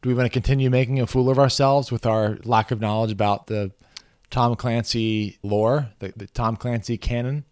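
A man co-hosting a casual film review podcast, chatting in an animated way and acting out his own reactions. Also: medium pitch, moderate pace, smooth, dry recording, clean studio sound. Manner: animated, acts out quoted reactions. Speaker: podcast co-host.

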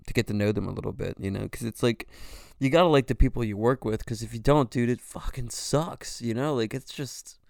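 Smooth-voiced man in his forties, rambling. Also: medium pitch, fairly quick, no echo, studio quality. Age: 40s. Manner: rambling, swears freely, says "you know" constantly. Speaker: podcast host. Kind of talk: casual solo monologue.

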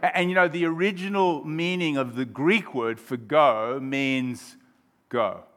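A man's voice: fairly high pitch, measured pace, fairly bright tone. Joking male pastor preaching. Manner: humorous, engaging the congregation. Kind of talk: sermon. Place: church.

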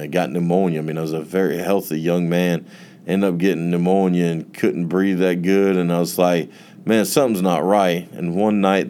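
A man's voice: low voice, a little mellow, slight background noise. A man, a pastor giving an earnest, emotional testimony in a sermon. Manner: earnest, emotional storytelling with drawn-out emphasis.

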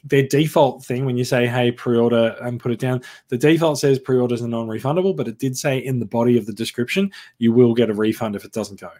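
A man's voice: medium pitch, steady tone, brisk, few pauses, dark tone. A man co-hosting a podcast, explaining things at length in casual chat, often restarting his sentences. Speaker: podcast co-host.

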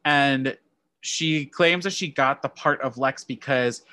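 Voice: mid-range voice, slow pace, bright, forceful tone, dry recording. A podcast co-host sharing movie trivia in casual chat, often restarting sentences and correcting themselves. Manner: rambling, self-correcting delivery.

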